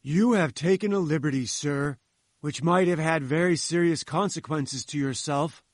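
A man's voice: fairly high pitch, normal speed, dry recording, studio quality. A man voicing a fierce, proud, hot-tempered male professor who talks in a commanding, pompous way.

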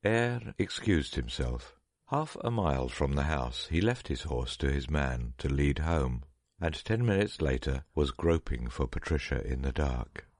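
A man reading a story aloud in a measured, dramatic narration. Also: rumbling low, lively intonation, darkish tone, dry recording, studio quality.

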